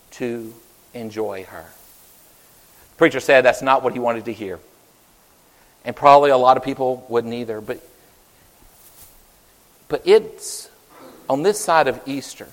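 A man preaching an Easter sermon in an earnest way, rising loud and then falling soft. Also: medium pitch, long reverb tail, rough recording. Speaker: pastor.

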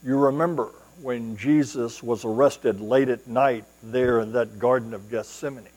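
A man's voice: medium pitch, fairly even intonation, measured pace, darkish tone, poor audio. A male pastor preaching a sermon, explaining a passage and asking rhetorical questions.

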